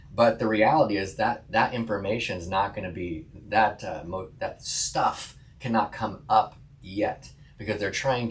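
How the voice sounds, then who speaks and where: A man with a lowish voice co-hosts a podcast as a counselor. He talks in a relaxed, casual way, laughing often and restarting his sentences as he thinks aloud. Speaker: podcast co-host, licensed counselor.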